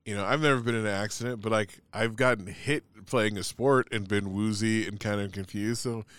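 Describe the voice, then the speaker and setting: A man's voice: fairly low pitch, steady tone, brisk, fairly bright tone, clean tone, dry recording. A man in casual chat, telling a long story in a rambling way, full of "like" and swearing.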